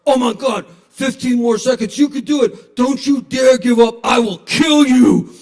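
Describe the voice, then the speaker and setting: A man in his sixties putting on a shouting male boxing workout trainer who barks threats and pep talk. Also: extremely high pitch, measured pace, voice pushed up. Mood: fierce. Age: 60s.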